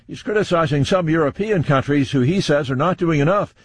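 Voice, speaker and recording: Brisk husky radio news anchor man. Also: a little high, no room sound. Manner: brisk, clipped headline reading. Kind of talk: radio newscast.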